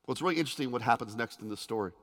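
A man preaching a sermon as pastor, conversational with joking asides, swinging between loud emphasis and hushed intensity. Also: mid-range voice, rapid-fire. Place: church sanctuary. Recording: long hall reverb.

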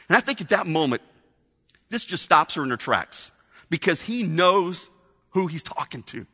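A man's voice: fairly high pitch, sing-song, normal speed, sharp tone, breathy edge. A man preaching a sermon, storytelling with asides to the congregation, in a reverberant hall.

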